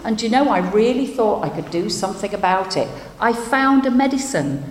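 A woman's voice: mid-range voice, lively intonation, a little fast, darkish tone, a little hiss or hum, pitched above the performer's own voice, close to an everyday voice. A woman voicing a weary doctor who apologizes that nothing can be done. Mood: dejected. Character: downcast doctor who feels a failure. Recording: echoey hall, faint ambience.

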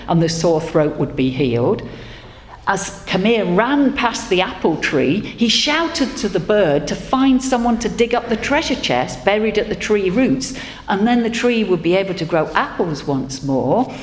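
A woman telling a folk tale to a group in a large hall, gentle with wry asides. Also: medium pitch. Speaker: storyteller. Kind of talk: storytelling to an audience. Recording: echoey hall, faint noise.

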